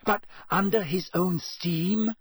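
An eager, clever teenage schoolgirl, as a male narrator puts her on in an audiobook. The voice is lifted high and earnest, slightly husky, and sits close in a dry recording. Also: very animated, no echo. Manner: quick and earnest. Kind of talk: audiobook character voice.

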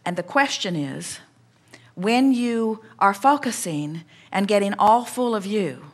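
A woman speaking as a collective "we" at a spiritual seminar, coaching a participant in a measured, reassuring way. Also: medium pitch, animated.

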